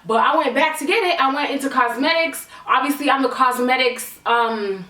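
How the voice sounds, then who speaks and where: A young woman from Canada telling a storytime vlog in an animated, candid and profane way. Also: high voice, moderate pace. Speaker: vlogger. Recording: echoey room, mic at a distance.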